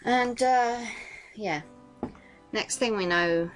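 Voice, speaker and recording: A woman's voice: mid-range voice, takes it slowly, soft background music. A woman doing casual let's-play commentary, sarcastic and swearing freely, often laughing.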